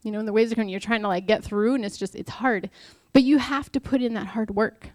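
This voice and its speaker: A young adult woman speaks fast in a fairly high, steady, slightly mellow voice with no room sound. At a church talk, she gives an informal, candid devotional, pairing personal stories with rhetorical questions.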